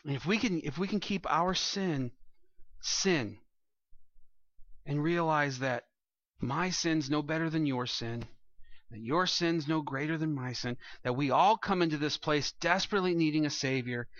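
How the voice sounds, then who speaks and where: Young male pastor, earnest plain-spoken preacher, high voice, slightly muffled recording. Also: a little slow, a bit bright, no room sound. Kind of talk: sermon.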